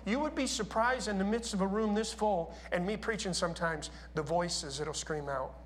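A man's voice: high-pitched, normal speed, a little hiss or hum. A man preaching a sermon in a church, talking casually and asking his congregation questions.

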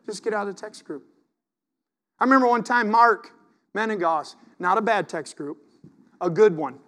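High-voiced preaching man. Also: normal speed, a bit bright. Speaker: pastor. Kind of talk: sermon.

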